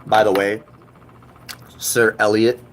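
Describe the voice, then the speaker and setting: A man in his thirties, originally from Puerto Rico, chats casually with viewers on a stream, joking and then dropping into quiet asides. His voice sits fairly low, and a faint hiss stays in the background. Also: flat delivery, slow pace. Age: 30s. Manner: joking, swings between loud bursts and low mutters. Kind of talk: casual live-stream chat.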